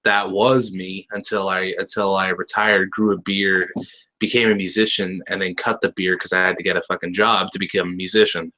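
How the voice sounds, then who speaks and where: A man's voice: low voice, flat delivery, normal speed, pushed and bright, poor audio. A young man on a casual review podcast, ranting animatedly and swearing as he goes. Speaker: podcast co-host reviewing a cartoon episode. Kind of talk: casual chat.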